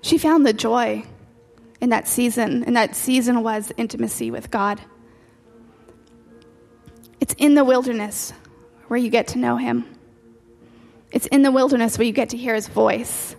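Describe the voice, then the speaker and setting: A woman's voice: on the high side, steady tone, a little slow, gravelly, pauses often, a little mellow. Woman preaching in a reverberant hall. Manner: earnest, repeats key phrases for emphasis. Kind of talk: sermon. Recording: long hall reverb with faint music.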